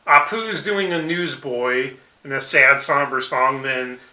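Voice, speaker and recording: A man co-hosting a casual episode review podcast, laughing often and acting out quoted lines in a high voice. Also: takes it slowly, pushed and bright, recorded from a distance. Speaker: podcast co-host. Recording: echoey room, somewhat off-mic.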